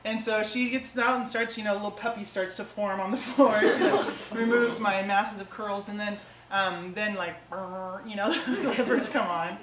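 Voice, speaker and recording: A woman's voice: mid-range voice, moderate pace, recorded from a distance, a crowd in the background. A woman performing comic stand-up storytelling on stage, chatty and self-mocking, with many casual fillers. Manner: chatty, self-mocking, lots of "like" and "you know". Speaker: comedic storyteller. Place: small theater stage before a live audience. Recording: echoey theater taped from afar with audience noise.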